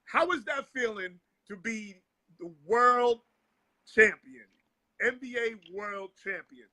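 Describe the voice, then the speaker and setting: Casting note: male talk-show host, very high voice, lots of lilt. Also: animated, slow, pushed and bright, no room sound. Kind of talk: casual interview.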